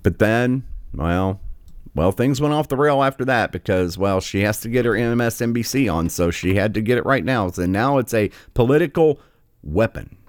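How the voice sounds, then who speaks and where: Sarcastic guy ranting on his commentary show, low voice jumping all over, dry close sound. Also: expressive, normal speed, dry recording. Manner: sarcastic, scornful, filler-heavy. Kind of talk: political commentary rant.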